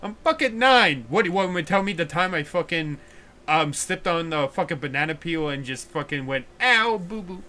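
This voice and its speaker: A man's voice: a little high, a little fast, bright, forceful tone, a little hiss or hum. A young man from the United States who hosts a casual livestream, rambling and ranting with frequent swearing. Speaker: livestream host.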